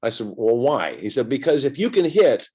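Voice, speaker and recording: A man in his sixties, a seasoned entertainer, recounts a story in relaxed conversational talk. He jumps between narration and lively quoted dialogue, giving the other people in the story their own voices. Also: mid-range voice, normal speed, breathy edge. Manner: animated storyteller acting out both sides of conversations. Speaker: guest entertainer. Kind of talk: casual anecdote telling.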